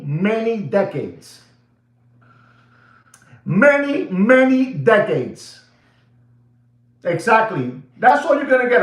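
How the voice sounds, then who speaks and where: A man's voice: high voice, echoey room. A man hosting a livestream, ranting emphatically and repeating himself, dropping into Spanish phrases. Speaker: watch seller livestream host. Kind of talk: animated livestream rant.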